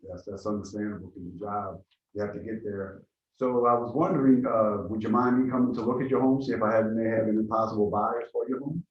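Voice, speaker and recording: A male real estate trainee runs a practice call, polite and halting with many fillers. His lowish voice sounds far from the mic in an echoey room, with dull sound. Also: steady tone.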